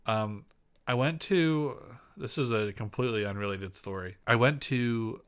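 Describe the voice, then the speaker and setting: A man's voice: medium pitch, unhurried, fairly bright tone, smooth. A young man co-hosting a podcast in casual chat, rambling with lots of fillers and restarts. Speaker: podcast co-host.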